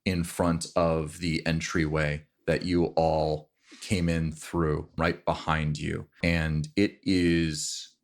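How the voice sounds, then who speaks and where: Low, slow-talking man running a tabletop game. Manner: relaxed, descriptive, with fillers and restarts. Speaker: game master.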